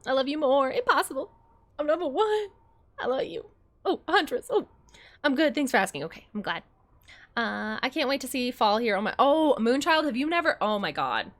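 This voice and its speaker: Young female streamer, high and bright voice, bubbly chatter with her viewers. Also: big pitch swings, moderate pace. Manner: chatty and bubbly, swears freely, greets and thanks viewers. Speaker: game streamer. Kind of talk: casual livestream chat while playing.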